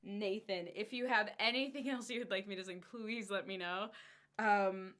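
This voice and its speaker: A woman's voice: mid-range voice, steady tone, normal speed, a bit bright, faint music behind. A woman streamer chatting casually between songs, apologetic and giggly, on a studio condenser microphone. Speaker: streamer and singer.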